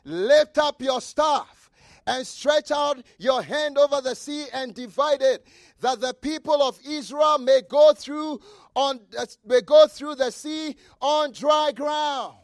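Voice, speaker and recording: A man preaching a fervent sermon, repeating phrases, shouting key lines and reading scripture aloud. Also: very high-pitched, slow pace, no echo, studio quality. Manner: reads scripture aloud and comments with asides.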